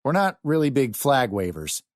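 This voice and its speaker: A man's voice: mid-range voice, sing-song, normal speed, no room sound, voice pushed up, natural voice. Brief: dismissive eighteen-year-old gamer, short answers, man doing the voice, dry close recording. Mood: curt. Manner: curt, dismissive. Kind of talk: audiobook character voice.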